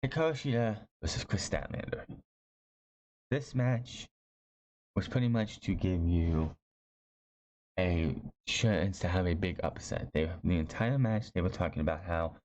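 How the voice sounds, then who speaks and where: Here a man with a deep, somewhat dark voice speaks a little slowly and pauses often. He delivers a casual, opinionated recap of a wrestling show, rambling bluntly and repeatedly fixing his words mid-sentence. The recording is lo-fi and slightly dull, with faint hiss.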